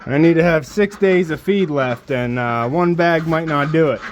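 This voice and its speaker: A man's voice: on the high side, normal speed, a little hiss or hum. A man doing a casual homestead vlog outdoors at his barn, chatting as he works and talking to his animals. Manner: chatty, talks to his animals while working. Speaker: homestead vlogger. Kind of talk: casual chores narration to camera. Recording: dull lo-fi outdoor sound, faint ambience.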